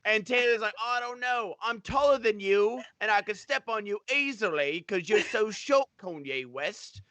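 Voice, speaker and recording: A man putting on a rowdy British-Australian bloke who swears and gossips, his pitch jumping up and down. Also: animated, normal speed, sharp tone, no room sound, exaggerated voice. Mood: mocking. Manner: swearing, slangy, swinging between high and low pitch. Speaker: panelist.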